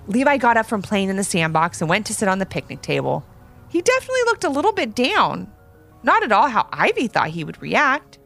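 Animated woman reading a children's story. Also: mid-range voice, brisk, gravelly. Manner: animated, expressive read-aloud. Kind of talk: scripted children's story narration. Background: soft music.

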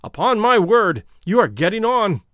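A man voicing a fierce, menacing middle-aged explorer in a dramatic audiobook reading, with forceful, indignant outbursts. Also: sits high, big pitch swings, moderate pace, no room sound, voice pushed up.

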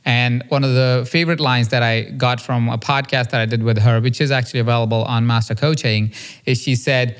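Male podcast host, mid-pitched, casual storyteller, earnest and reflective, conversational fillers. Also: brisk, smooth. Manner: acts out quoted dialogue with a raised, lively pitch.

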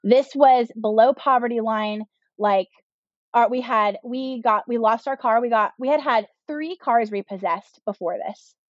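A woman's voice: a little high, measured pace, no echo. Candid woman telling her story, lo-fi. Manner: candid, with frequent "like" and "um" fillers. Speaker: podcast guest, business owner. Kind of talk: personal storytelling in an interview. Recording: dull, slightly lo-fi sound.

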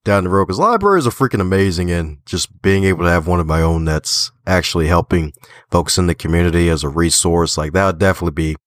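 A man from the Baltimore area, an author and podcaster, telling stories in a lively, folksy way during a remote interview. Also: deep voice, fast, no echo. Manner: animated storyteller, folksy phrasing, laughs often. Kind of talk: casual conversational interview.

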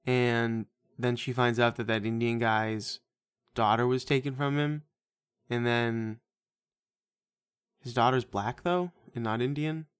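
A man's voice: medium pitch, steady tone, slow, pauses often, smooth, dry recording. Sarcastic, swearing man on a dry mic. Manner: profane, sarcastic, laughs often. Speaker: podcast co-host. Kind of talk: casual movie-review chat.

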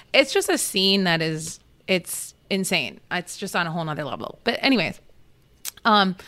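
A woman's voice: lowish voice, bright, forceful tone, clear, resonant tone. A woman football reporter on a podcast, telling stories in a chatty, casual way with many fillers and restarts. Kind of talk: casual chat.

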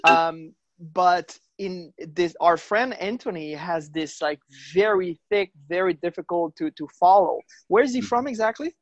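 A man's voice: high-pitched, measured pace, no room sound, muffled recording. Eager male podcast host. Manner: eager, with loose grammar. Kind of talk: casual interview chat.

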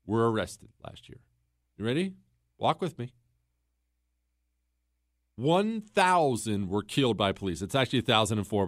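A man's voice: mid-range voice, dry recording, studio quality. A man hosting a talk show monologue, telling a story in a conversational way and quizzing listeners with emphatic questions. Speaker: host.

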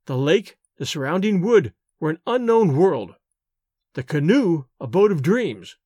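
A man narrating a novel aloud in an expressive, measured reading. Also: a little high, no room sound, clean studio sound. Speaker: audiobook narrator.

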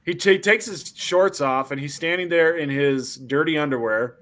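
A man's voice: on the high side, normal speed. A man telling a funny story in casual chat, acting out voices and reactions. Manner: animated, acts out voices in quotes.

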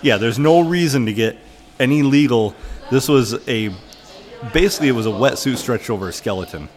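Guy tossing quick jokes into the chat, animated voice. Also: mid-range voice. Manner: dry quips, quick jokes. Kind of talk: casual podcast chat.

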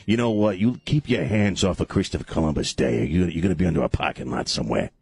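A radio host voicing a menacing Italian-American mobster with an exaggerated fake Italian accent, low and threatening. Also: male voice, fast talker, creaky, a little mellow, husky, no room sound, full character voice. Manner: threatening, mocking.

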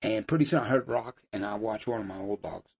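A middle-aged man, a hunting guide, telling stories in casual chat with loud, high bursts when he quotes people. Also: a little fast, creaky, husky. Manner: animated yarn-spinner, loud high bursts when quoting.

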